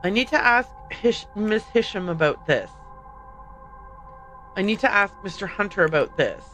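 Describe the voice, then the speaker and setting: A woman streaming a game, chatting in an excitable, jokey, self-deprecating way with quick tangents. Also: medium pitch, soft background music, rough recording. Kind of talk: livestream gameplay commentary.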